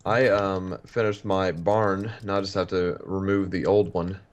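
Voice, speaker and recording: Deep-voiced man on a muffled mic. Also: level tone, measured pace. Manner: easygoing, rambling with many fillers. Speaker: guest player. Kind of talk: casual chat while playing a video game.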